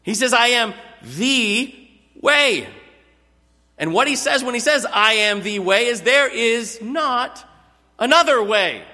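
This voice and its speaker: A man preaches a sermon in a high, bright voice. He explains earnestly and drags out the words he wants to stress. His voice rings with long reverb from a big hall. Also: animated. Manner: earnest expository preaching, drawn-out emphatic words.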